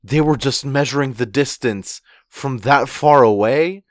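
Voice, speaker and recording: A man's voice: mid-range voice, a little slow, dry recording, studio quality. A man co-hosting a podcast, chatting casually and unhurriedly, swearing now and then. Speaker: podcast co-host. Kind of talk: casual chat recapping a manga chapter. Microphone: podcast microphone.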